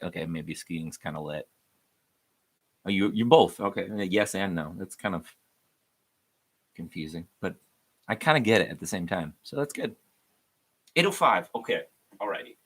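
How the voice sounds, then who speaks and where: A man's voice: low-pitched, fairly bright tone. A man hosting a casual livestream devotional, rambling and joking at his own expense, with plenty of ums and likes. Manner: rambling, joking, self-deprecating, many fillers. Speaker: youth devotional host.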